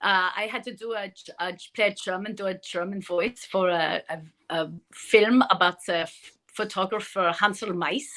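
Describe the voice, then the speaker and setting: Middle-aged woman, bright voice, chatty interview guest, fillers and self-corrections. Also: medium pitch, normal speed. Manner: chatty, many fillers and restarts. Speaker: actress guest. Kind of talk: casual interview chat.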